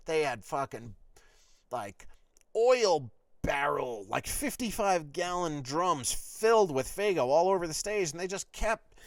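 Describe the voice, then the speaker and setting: A man hosting his own podcast, telling a rambling personal story with lots of swearing and animated asides. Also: sits high, dry recording. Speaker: podcast host.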